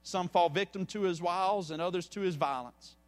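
A man voicing a grieving, merciful old king, speaking low, soft and grave in a church. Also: fairly quick, long reverb tail, close to an everyday voice. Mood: solemn.

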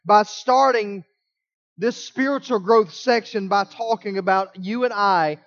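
Male pastor, high voice, emphatic sermon delivery that stretches key words; slightly muffled recording. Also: fairly bright tone. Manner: emphatic preaching, slowing down and drawing out key words.

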